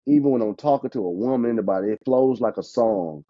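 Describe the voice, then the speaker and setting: A man, an insurance agent chatting casually as a podcast guest, lively and quick to laugh. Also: mid-range voice. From Alabama, US. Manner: animated, talkative, laughs often. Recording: dull, dry lo-fi sound.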